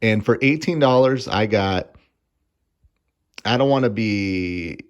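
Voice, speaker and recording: A man in his thirties giving a casual, sarcastic and profane food review, laughing often as he rants. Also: on the low side. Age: 30s.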